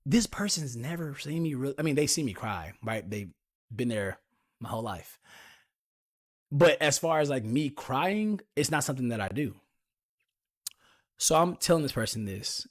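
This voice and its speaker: A young man, talking to his podcast listeners in a loose, personal, storytelling way. His voice sits at an ordinary middle pitch, and he confides in the audience, calling them "y'all". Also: a bit bright. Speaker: podcast host.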